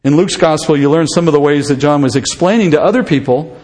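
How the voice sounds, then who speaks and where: A man with a fairly high voice preaches a verse-by-verse sermon in an easy, conversational way, often turning questions back to the people listening. His words ring out with a long reverb from a large hall. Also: fast, darkish tone. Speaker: pastor. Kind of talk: expository sermon.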